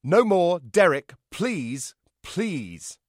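A man's voice: medium pitch, sing-song, drawn-out words, a little mellow, no room sound, clean studio sound, pitched above the performer's own voice. A man voicing a haughty, petulant young woman who pouts and sighs theatrically. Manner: pouting, theatrical.

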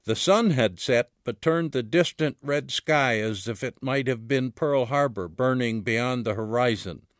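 A man reads his own book aloud, measured and steady, his voice sinking low on each dialogue tag. His pitch sits at an ordinary middle, and the recording is dry and close. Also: no echo. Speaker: author.

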